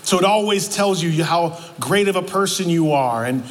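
A man's voice: high-pitched, animated, moderate pace, a little hiss or hum. A man preaching a sermon in a church, emphatic and repeating his words, calling out to the congregation. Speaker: pastor. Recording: long hall reverb, faint ambience.

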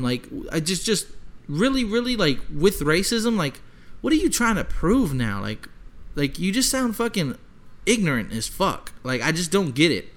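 A man's voice: fairly high pitch, fairly bright tone. A man in casual conversation, talking emphatically, swearing a lot and filling his speech with "like". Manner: emphatic, heavy swearing, many "like" fillers. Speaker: podcast co-host. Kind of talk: casual chat.

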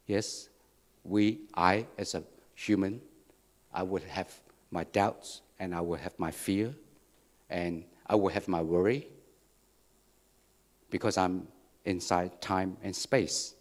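A man's voice: low voice, slow pace, pauses often. Man preaching with frequent restarts. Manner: repetitive, restarts phrases, asks "okay?" and "right?". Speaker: pastor. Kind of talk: sermon.

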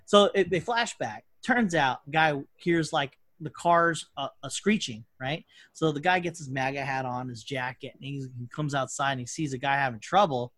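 A man's voice: medium pitch, fairly bright tone, no room sound, clean studio sound. A man hosting a casual podcast chat, rambling and swearing freely, often restarting his sentences. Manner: rambling, profane, with quick restarts. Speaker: podcast host.

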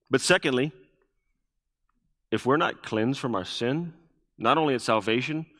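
A man's voice: lowish voice, fairly bright tone. A male pastor preaching a sermon, asking the congregation questions and repeating key phrases for emphasis. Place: church sanctuary. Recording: long reverb of a church hall.

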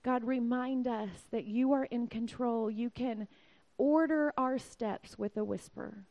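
A woman in her forties preaching a sermon, her delivery swinging from loud, excited outbursts down to near-whispers. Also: fairly high pitch, a little slow, highs cut off.

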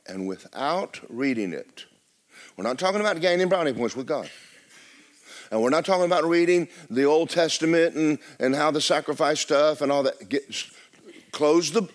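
A middle-aged male pastor, preaching loudly and with life, often dropping to a hush. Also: on the high side, moderate pace. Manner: loud, lively preaching with sudden drops to a hush. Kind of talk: sermon. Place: church.

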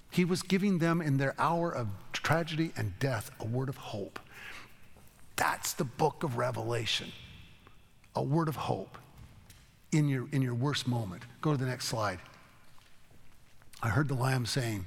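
In a big-sounding room, a Bible study teacher talks at a normal speed in a creaky, mid-range voice, leaving long pauses. He teaches informally through folksy, rambling stories and keeps restarting his sentences.

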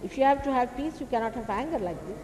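This spiritual teacher, a woman with an Indian accent, talks fast in a slightly high voice. Addressing a large public hall, she scolds her listeners emphatically and fires rhetorical questions at them. It's an old archive recording, echoey with faint hiss.

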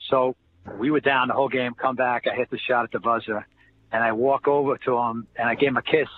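Older New guy, animated storyteller acting out old conversations, tinny phone-line sound, faint hiss. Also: mid-range voice, brisk. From New Jersey. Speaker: interview guest, former college basketball player. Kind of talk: casual storytelling interview.

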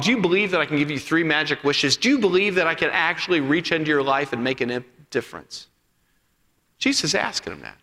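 A man preaching a sermon as pastor, telling a Bible story with acted-out voices and dropping to hushed appeals. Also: a little high. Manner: animated storytelling, acting out voices, then hushed and intimate. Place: church sanctuary. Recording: long reverb of a hall.

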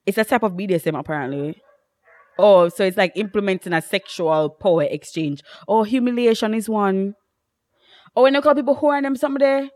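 A young woman, co-hosting a casual chat podcast and telling stories in an animated way, laughing often. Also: mid-range voice, fairly quick. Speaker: podcast co-host.

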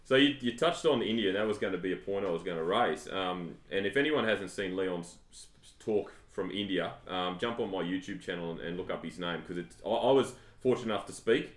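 A man hosting a casual podcast interview and asking questions eagerly and encouragingly. His voice sits fairly low, and the recording is roomy. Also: brisk. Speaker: podcast host. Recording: roomy sound.

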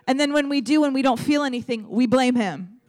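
A woman's voice: sits high, brisk, a little mellow. A young adult woman preaching a sermon in a conversational, storytelling way, speaking directly to her audience.

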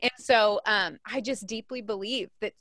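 An energetic woman author and coach, speaking as a guest in a relaxed interview. She talks emphatically and often restarts her sentences. Her voice sits in a middle pitch and sounds close and dry, with little room sound. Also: moderate pace, no room sound.

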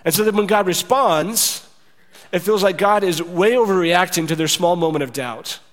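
A man's voice: sits high, normal speed. A man preaching a sermon in a conversational way, acting out the voices he quotes. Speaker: pastor. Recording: long reverb of a large hall.

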